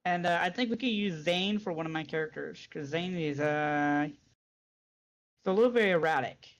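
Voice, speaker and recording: A man's voice: fairly high pitch, normal speed. A man talking loosely over voice chat, swearing casually as he signs off his own stream. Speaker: fellow streamer.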